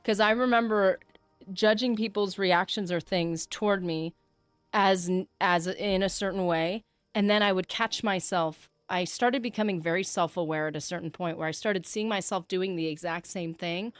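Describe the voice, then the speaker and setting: A woman's voice: fairly low pitch, moderate pace, no echo. A woman streaming a game, chatting with her viewers in a reflective, talkative way. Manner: chatty and reflective, reads chat aloud. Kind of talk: casual livestream chat.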